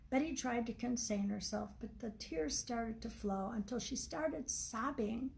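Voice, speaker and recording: Gravelly woman reading her own novel. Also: a little high, a little slow, hardly any pauses, darkish tone, low-quality recording. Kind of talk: storytime reading aloud.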